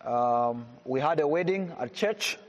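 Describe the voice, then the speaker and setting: A woman delivers a sermon in short phrases, stretching out each scripture line with weight and deliberation. She speaks at an unhurried pace, and her voice carries a long reverberation, as in a big hall. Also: low-pitched, expressive, muffled recording, a little hiss or hum. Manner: slow, emphatic scripture reading with pauses for translation. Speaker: visiting preacher. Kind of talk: sermon with interpreter.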